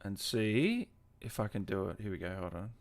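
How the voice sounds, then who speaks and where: A man's voice: lowish voice, big pitch swings, moderate pace. A tired Australian man hosting a casual live gaming stream, reading viewer comments aloud and answering them in a laid-back way. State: tired, just woke up.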